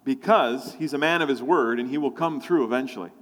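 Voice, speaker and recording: A man's voice: mid-range voice, a little fast, fairly bright tone, long reverb tail. A man preaching a sermon, telling a personal story and acting out his own thoughts and prayers. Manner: storytelling, acts out his own inner voices.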